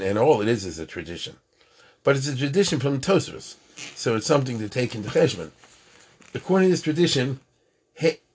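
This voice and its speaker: A man with a husky, breathy voice at a middle pitch gives an informal religious lecture. He talks in a loose, chatty way, often asking his listeners whether they follow him. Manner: chatty, checks in with listeners, counts aloud. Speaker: religious teacher.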